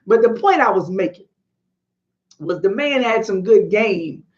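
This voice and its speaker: A woman hosting a live stream, chatting with viewers and talking through history in a casual, animated way. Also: medium pitch, measured pace, highs cut off.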